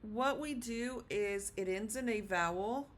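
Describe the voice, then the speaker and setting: Female teacher, unhurried classroom delivery, patient with lots of "okay?", faint background hiss. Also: mid-range voice. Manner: patient, many fillers and check-ins like okay. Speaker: Spanish teacher. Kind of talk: classroom lesson at a board.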